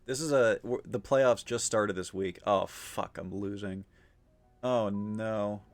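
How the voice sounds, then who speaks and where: A man's voice: lowish voice, a little slow, soft background music. Rambling, filler-heavy male streamer. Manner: rambling, filler-heavy, swears often and laughs easily. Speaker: livestreamer. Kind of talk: casual chat with stream chat.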